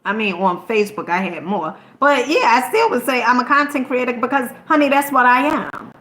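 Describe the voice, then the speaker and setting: A woman content creator talks straight to her audience with an emphatic, preachy delivery, checking in with "okay?" after nearly every point and swearing now and then. Her voice sits a little high. The sound carries a noticeable room echo. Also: animated, brisk, fairly bright tone. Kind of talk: motivational talk to camera.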